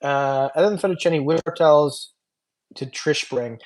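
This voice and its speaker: With a fairly high voice and an unhurried pace, the man running the reptile channel reads out chat comments on a casual livestream. He's tired from the long stream, loose and joking, rambling with many fillers.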